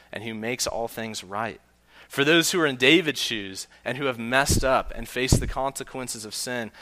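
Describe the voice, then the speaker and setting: A man preaching a sermon earnestly, often letting his voice drop soft and low on key points. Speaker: pastor.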